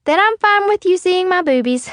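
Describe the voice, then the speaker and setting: High voice, bubbly young woman, wounded but chatty, woman reading her. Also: expressive, normal speed, a bit bright, no room sound, studio quality.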